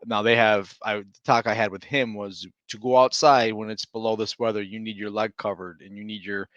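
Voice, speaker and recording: A man's voice: fairly low pitch, fairly even intonation, a little fast, a bit bright, dry recording, highs cut off. A man co-hosting a podcast, telling stories in rambling, self-interrupting casual chat and laughing as he goes. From Minnesota. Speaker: podcast co-host.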